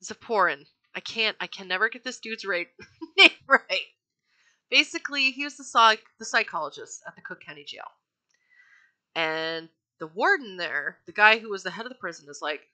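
A woman's voice: mid-range voice, expressive, moderate pace, bright, forceful tone. A woman hosting a true-crime podcast, telling the story in a chatty, profane way with lots of fillers and self-corrections.

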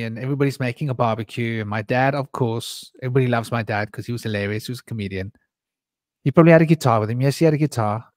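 A man's voice: medium pitch, dry recording, clean studio sound. A man hosting a candid conversation, telling long rambling personal stories full of asides and restarts. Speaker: podcast host.

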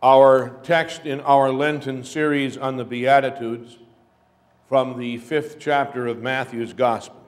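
Slow-spoken pastor in a reverberant church. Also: male voice, medium pitch, fairly even intonation. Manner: slow, measured storytelling delivery. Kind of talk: sermon. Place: church sanctuary.

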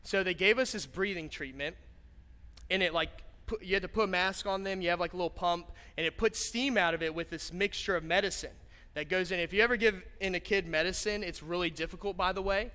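A man's voice: high-pitched, brisk. A young man preaching a sermon, telling a personal story in a conversational, joking way that builds to fervent appeals. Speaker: pastor. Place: church auditorium. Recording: church hall reverb with soft guitar.

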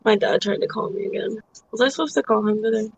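A woman's voice: fairly high pitch, fast, breathy edge, lo-fi sound. A woman taking part in a casual live stream, chatting and talking to her dog. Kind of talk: casual chat.

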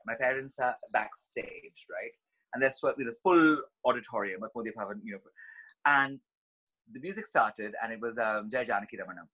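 A man's voice: medium pitch, sharp tone, rough recording. A man from India, a dancer guest on a podcast, telling stories expressively with many fillers and restarts. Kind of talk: casual interview storytelling.

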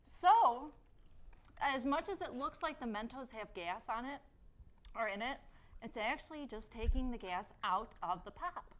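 A woman's voice: on the high side, animated, normal speed, fairly bright tone. A woman hosting a science show, guiding a young assistant through a hands-on demonstration with lots of questions and frequent laughter. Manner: playful questioning teacher who laughs often.

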